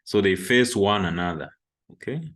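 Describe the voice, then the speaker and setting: Deep-voiced man lecturing on anatomy. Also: moderate pace, fairly bright tone. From Zambia. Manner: explains while pointing at a diagram, frequent "okay".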